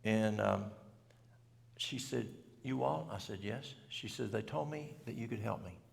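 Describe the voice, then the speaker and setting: A middle-aged man who speaks at health seminars tells a story to a church audience in plain, folksy country talk. His gravelly voice sits lowish and moves at a measured pace, echoing through a reverberant church hall.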